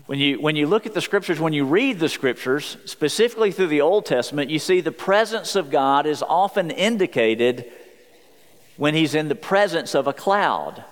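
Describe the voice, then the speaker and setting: A man preaching a sermon as a pastor, earnest, slowing down when he quotes scripture. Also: on the high side, in a large hall.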